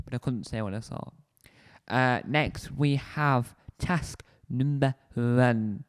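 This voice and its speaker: A man's voice: medium pitch, a little slow, clear, resonant tone. Chatty man rambling through a review. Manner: rambling, self-correcting, chatty. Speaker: show reviewer, video host. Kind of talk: casual solo review chat. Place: indoors, seated on a squeaky spinny chair. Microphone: desk mic close to the face.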